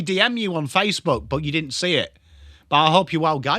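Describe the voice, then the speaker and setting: A young man with an English accent hosts a live football watchalong, moving between calling the play and greeting his chat by name. His voice is bright and fairly high, with a lively, bouncing pitch. The sound is dry and close. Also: fairly quick, no room sound. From England. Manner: chatty, greets viewers, lively. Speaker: livestream host.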